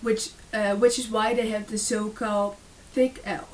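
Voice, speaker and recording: A woman's voice: fairly high pitch, flat delivery, normal speed. A woman reading a school presentation aloud, with frequent fillers and small restarts. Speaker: student presenter. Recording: distant mic with faint hiss.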